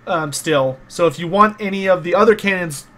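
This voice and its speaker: A man's voice: high-pitched, normal speed, fairly bright tone. A man narrating as game master of a tabletop game, loose and casual with lots of fillers and restarts.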